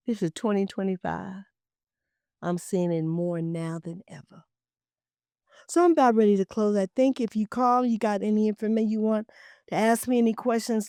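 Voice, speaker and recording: A woman hosting a talk show, telling heartfelt stories in an emphatic, preachy way with repeated phrases, dropping at times to hushed, near-whispered asides. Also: medium pitch, smooth, no room sound, studio quality. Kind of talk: heartfelt storytelling monologue.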